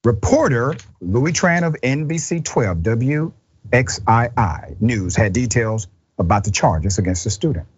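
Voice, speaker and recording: A man's voice: medium pitch, expressive, unhurried, husky, lo-fi sound. A man hosting a news commentary show, speaking with indignant emphasis and addressing the person he criticizes directly. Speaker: host.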